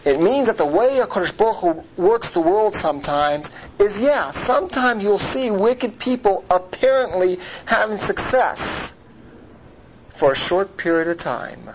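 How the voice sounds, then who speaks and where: This Torah teacher has a somewhat high voice and an animated yet unhurried delivery, slipping Hebrew terms into his English. Rhetorical questions abound, and he checks in with "right?" and "okay?" to keep listeners with him. Sound quality is muffled and lo-fi, with faint background noise.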